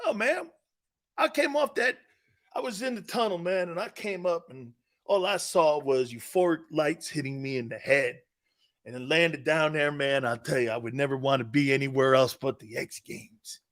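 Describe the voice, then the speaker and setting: A man's voice: a little high, normal speed, a bit bright, pitched below the performer's own voice, lightly acted. A man putting on the voice of a spaced-out stoner athlete in the middle of a sports talk show, drawling and dazed.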